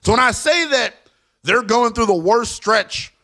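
Man, sports talk host, lively swinging pitch, emphatic, slangy commentary. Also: measured pace.

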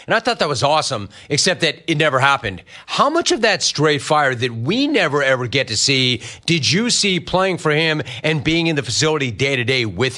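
A man hosting a sports talk show, enthusiastic and quick to laugh while interviewing a former player. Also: on the high side, bright, forceful tone. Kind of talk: radio-style interview.

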